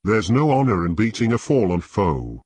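A man's voice: lowish voice, very animated, moderate pace, darkish tone, breathy edge, dry recording. A man voicing an earnest, urgent young man. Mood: firm. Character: earnest young man defending a fallen recruit.

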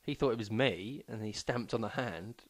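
A man's voice: fairly low pitch, moderate pace, no room sound. A young man co-hosting a comedy podcast, telling anecdotes and laughing often. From England. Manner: laughs often, lively storyteller. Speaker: podcast co-host. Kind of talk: casual comedy chat.

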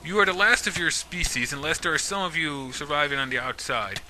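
A man's voice: a little high, fairly quick, pushed and bright, a little hiss or hum. A man giving casual let's-play commentary, talking to game mobs in a jokey, mock-menacing way. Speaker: gaming YouTuber.

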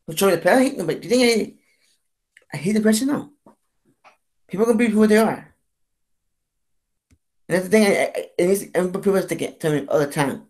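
A man vlogging a rambling, profane rant, halting and repetitive, with frequent restarts and stammers. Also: sits high. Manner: profane, repetitive, keeps saying "you know what I'm saying". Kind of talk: rambling ranting monologue.

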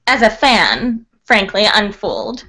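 A woman from Canada, a writer guest on a podcast, chatting casually in a bubbly, excitable way and laughing often. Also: medium pitch, takes it slowly. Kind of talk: casual chat.

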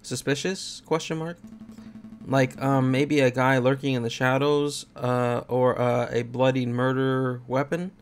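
Here a let's play gamer speaks a little slowly in a level, medium-pitched tone, voicing the game's dialogue plainly as he plays and adding joking remarks.

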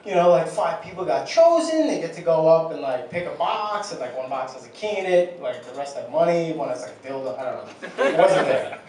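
A man's voice: on the high side, lively intonation, fairly quick, hardly any pauses, a little hiss or hum. A young man doing a stand-up set in a comedy club, telling a crude, rambling, self-deprecating story. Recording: distant, very echoey club recording with loud crowd.

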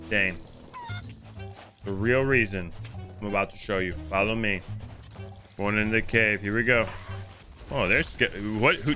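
A young man with a mid-range, sharp-toned voice hosts a gaming stream, bantering casually with his friends. He keeps it playful and joking, at times putting on a mock-solemn preacher act.

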